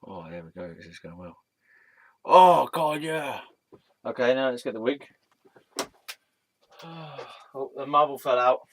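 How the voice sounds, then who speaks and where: A man's voice: medium pitch, lively intonation, a little slow, pauses often. A young man telling rambling, silly stories to his camera, giggling often and slipping into put-on voices. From England. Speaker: vlogger. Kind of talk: rambling casual vlog storytelling.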